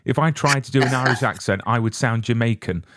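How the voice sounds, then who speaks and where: A man's voice: medium pitch, fast, very noisy. A British man hosting an interview, chatty and joking at his own expense. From Britain. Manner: chatty, self-deprecating. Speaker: interview host. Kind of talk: casual interview.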